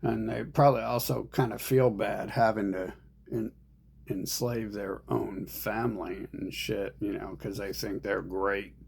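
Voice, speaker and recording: A man's voice: on the low side, steady tone, a little slow, vocal fry, a little mellow, husky. A man ranting in a rambling monologue, profane and agitated, speaking as an online commentator.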